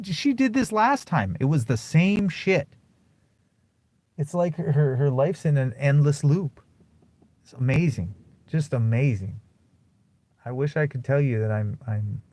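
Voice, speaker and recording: A man's voice: on the high side, darkish tone, no echo. Bitter, profane man ranting to camera. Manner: bitter, profane, swings between mutters and angry outbursts. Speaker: vlogger. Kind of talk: casual ranting monologue.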